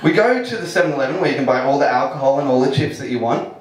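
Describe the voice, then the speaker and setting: A man's voice: mid-range voice, expressive, rapid-fire, slight background noise. Aussie guy telling a funny story on stage, laughs a lot, mic far off in a big echoey room. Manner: casual, self-mocking, laughing often. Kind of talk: live personal storytelling. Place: live storytelling venue with audience.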